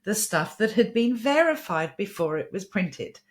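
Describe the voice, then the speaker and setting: A middle-aged woman talks frankly on a podcast, swearing freely and laughing often. Her pitch bounces around widely as she makes her points. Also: sing-song, moderate pace, slight background noise. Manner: blunt, profane, laughing often. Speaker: podcast co-host. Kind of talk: casual podcast chat.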